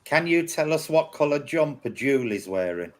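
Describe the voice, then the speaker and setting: A man, a paranormal investigator, talks casually with his group and asks questions into the quiet. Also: on the high side, lively intonation, normal speed, a little hiss or hum. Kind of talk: casual group discussion during a spirit session.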